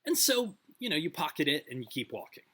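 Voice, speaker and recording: A man's voice: fairly high pitch, very animated, fast, sharp tone, husky. A man telling a story in a casual, conversational way, with many fillers and restarts.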